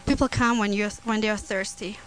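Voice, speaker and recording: A woman preaching a sermon on scripture, earnest and prone to restarts and soft laughter. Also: medium pitch, steady tone, fairly quick, a little hiss or hum, rough recording.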